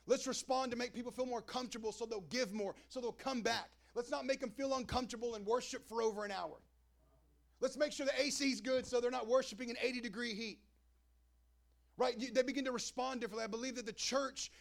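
A young man delivers a sermon as pastor in a loose, conversational style. His voice sits high for a man and carries a gravelly, creaky texture. He talks to the congregation like friends. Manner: casual preaching, acts out crowd and Jesus in quoted voices.

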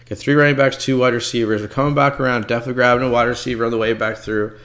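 A man giving casual, excitable commentary on his own fantasy football draft, talking to his viewers as folks and swearing when picks go against him. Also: medium pitch, very fast.

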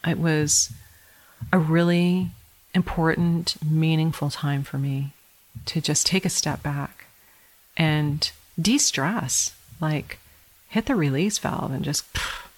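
A middle-aged woman telling her life story as a podcast guest, animated and laughing often. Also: sits low, slow pace. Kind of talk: conversational storytelling.

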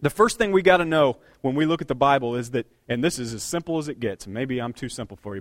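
A man in his thirties preaching a sermon as pastor, conversational and animated, with self-deprecating asides. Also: medium pitch, quick pace, hardly any pauses, no echo, clean studio sound. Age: 30s.

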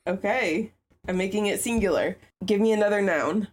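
A woman co-hosting a podcast in casual chat, giggly and halting. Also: mid-range voice, slightly rough. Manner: giggly, halting, lots of fillers. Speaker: podcast co-host.

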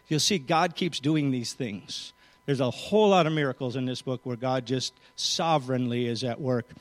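A man's voice: sits high, fairly bright tone, in a large hall. A man preaching a sermon, retelling a scripture story and reading its verses aloud with changing emphasis.

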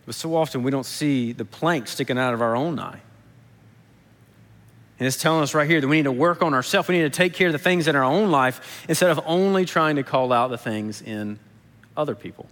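A man's voice: on the high side, a little fast, a bit bright. A man preaching a casual, conversational sermon, retelling parables in plain everyday speech. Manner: casual storytelling, acts out quotes. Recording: echoey hall.

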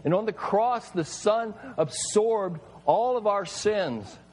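A man's voice: sits high, slow, a little mellow, low-quality recording. A man preaching a sermon, emphatic and full of rhetorical questions to his listeners.

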